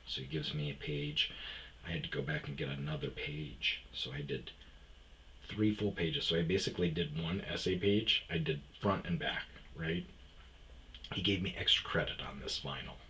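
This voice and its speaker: Deep-voiced man telling rambling stories. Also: moderate pace, sharp tone, slight background noise. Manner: rambling, profane, acts out quoted lines. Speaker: podcast host telling stories. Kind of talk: casual comedic storytelling.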